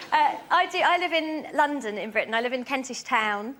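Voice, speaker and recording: A woman performing a stand-up routine on a comedy panel show, animated and playful. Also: sits high, noisy background.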